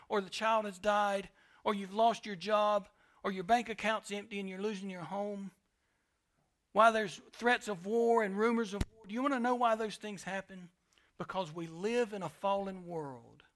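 A man preaching a sermon with passion, swinging between loud declarations and hushed asides. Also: high-pitched. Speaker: pastor.

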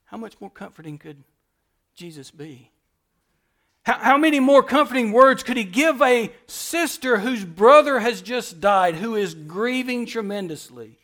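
High-voiced man preaching a sermon. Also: expressive, unhurried. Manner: preaching with emphatic repetition, swinging between soft and loud. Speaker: pastor. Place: church.

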